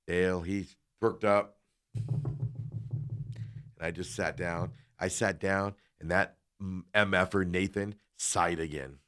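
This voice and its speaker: This talk show co-host has a low-pitched voice and speaks at a normal speed. He casually tells a long story, animatedly acting out its characters and occasionally slipping into quiet asides.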